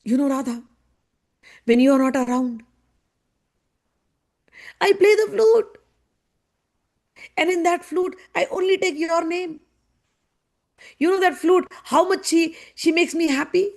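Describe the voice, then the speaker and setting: A woman's voice: high-pitched, level tone, normal speed, pauses often, darkish tone, close to an everyday voice. Woman voicing a frantic young god. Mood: tearful pleading. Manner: pleading, tearful, repeated questions. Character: young male god distraught over lost flute.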